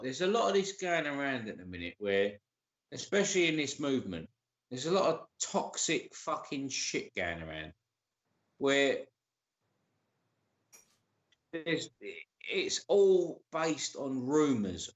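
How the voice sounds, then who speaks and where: A man's voice: medium pitch, lively intonation, a little slow, pauses often, a bit bright, reverberant. A man hosting a live stream, talking casually and acting out both sides of arguments, with plenty of swearing. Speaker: streamer host.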